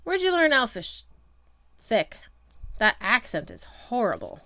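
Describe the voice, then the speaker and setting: A woman's voice: medium pitch, expressive, normal speed, creaky, a bit bright, no echo. A woman doing a sneering elf cop. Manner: old-fashioned aristocratic 1930s-style speech; growling, condescending. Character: cold disdainful male elf police officer.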